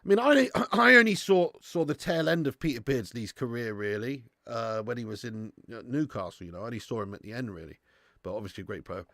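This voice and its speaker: A man's voice: medium pitch, fast talker, bright, forceful tone, dry recording, clean studio sound. A man in his thirties hosting a live football watch-along, chatting casually, swearing freely and answering viewers' comments. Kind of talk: casual live stream chat.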